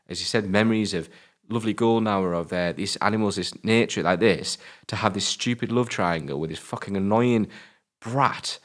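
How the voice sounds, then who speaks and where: British guy on a film podcast, really deep voice, swears a lot, gets ranty. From Britain. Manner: sweary, ranting, exasperated. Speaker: film review podcast co-host. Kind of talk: casual film review chat.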